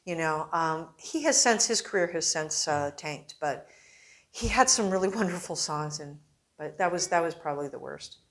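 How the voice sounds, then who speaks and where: A woman reporter with a somewhat low-pitched voice, telling stories in a relaxed interview. She slips into other people's voices as she quotes them. The whole thing is animated and conversational. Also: moderate pace. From Arizona. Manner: animated anecdotes with acted-out quotes. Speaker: newspaper reporter, interview guest. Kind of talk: casual storytelling interview.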